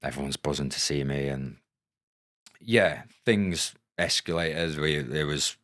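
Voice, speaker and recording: Podcast guest: man, 30s, extremely low voice, dry close mic, frank casual storyteller who swears. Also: measured pace, a bit bright, no room sound. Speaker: podcast guest, former footballer. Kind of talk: candid storytelling.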